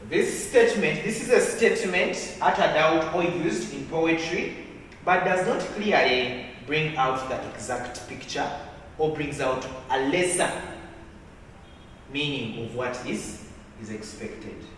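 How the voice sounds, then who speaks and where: A male teacher with a bright, forceful voice that sits a little high, talking slowly in a classroom. He keeps asking questions and repeats phrases as he dictates notes. He is heard from a distance in a roomy, echoing hall with faint background noise. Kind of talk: classroom literature lesson. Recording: echoey classroom from far off.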